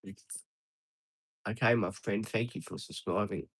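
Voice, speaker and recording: A man's voice: on the low side, unhurried, dry recording, rough recording. A man with an Australian accent chatting casually with viewers on a live stream, laughing often and calling everyone mate.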